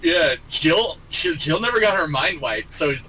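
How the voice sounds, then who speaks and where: An animated man with a bright, forceful voice, recapping a video game with his co-host. His pitch swings widely as he acts out lines, and a faint hum sits behind him. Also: a little slow, poor audio. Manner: lively, acts out quotes, laughs a lot. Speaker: podcast co-host. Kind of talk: casual gaming chat.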